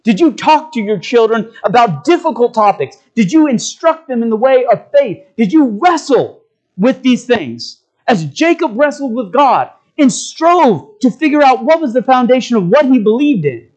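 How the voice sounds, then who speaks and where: A man delivers a sermon in a notably high voice. He talks earnestly and exhorts his listeners with a run of rhetorical questions. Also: very animated, normal speed, a little mellow, lo-fi sound. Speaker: preacher.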